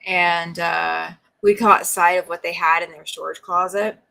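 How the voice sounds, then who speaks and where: A woman from Alabama co-hosting a casual livestream, telling stories in a relaxed way. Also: fairly low pitch, measured pace, gravelly.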